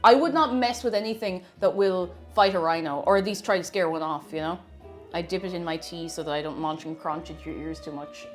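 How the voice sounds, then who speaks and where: A woman's voice: fairly low pitch, a little fast, soft background music. A woman with an Irish accent chatting casually on a live cooking stream, reading out messages from viewers. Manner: chatty, reads out chat, lots of restarts.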